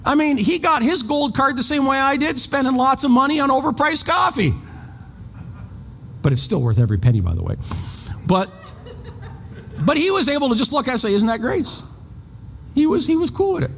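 Animated preacher in a reverberant hall. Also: male voice, very high-pitched, a little fast, creaky, long pauses, a little hiss or hum. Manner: animated storytelling, rhetorical questions, acts out his own outrage. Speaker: pastor. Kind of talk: sermon.

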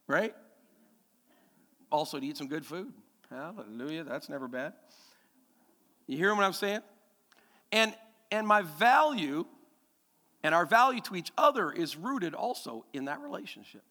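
A male pastor preaching a sermon in church, emphatic and animated, repeating key phrases and asking the congregation questions. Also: high-pitched, long reverb tail.

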